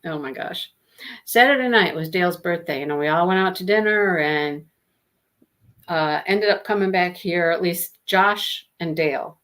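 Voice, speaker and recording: A woman's voice: on the low side, a bit bright. A woman hosting a live book discussion, chatting casually, telling stories and laughing often as she reads out viewer comments. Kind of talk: casual chat on a livestream.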